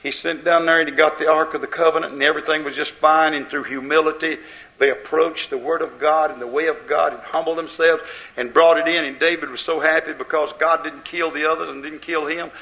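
A male pastor delivers a fervent sermon in a bright, slightly raised voice. He surges in volume and then sinks low, pressing each point on his listeners. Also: fairly even intonation, a little fast, low-quality recording. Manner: impassioned preaching, rising and falling in loudness.

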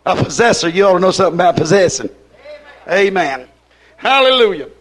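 A man's voice: high-pitched, very animated, a little fast. A man preaching a sermon in a folksy, emphatic way, retelling a conversation with one "I said" after another.

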